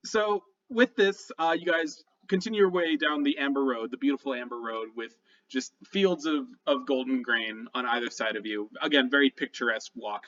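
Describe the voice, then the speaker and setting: A man's voice: mid-range voice, normal speed, fairly bright tone, recorded from a distance, muffled recording. A man narrating as game master of a tabletop game, casual and laughing often between descriptions.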